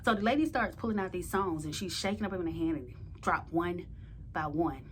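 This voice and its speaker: Brief: woman storyteller, lively and rising in pitch, slangy and emphatic, bursts loud when worked up. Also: a little fast, slight background noise. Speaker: storytime vlogger. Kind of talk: casual storytelling.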